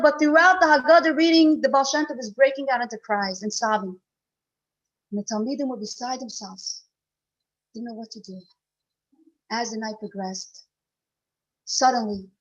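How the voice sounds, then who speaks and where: A woman giving an earnest inspirational talk to a women's gathering, telling a story and swelling and dropping in loudness. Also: fairly high pitch. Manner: earnest, rising and falling in loudness. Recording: dull lo-fi recording.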